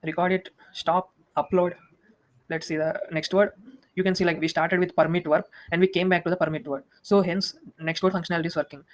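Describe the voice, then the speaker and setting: A young man walking through a software demo, talking quickly with many restarts. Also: fairly high pitch, poor audio. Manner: fast, flat, with frequent restarts and fillers. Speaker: student presenting a project demo.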